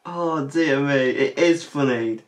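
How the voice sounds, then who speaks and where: A woman's voice: a bass voice, slow pace, slight background noise. A woman hosting a reaction video who keeps breaking into helpless laughter and swears as she reacts. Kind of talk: casual reaction commentary.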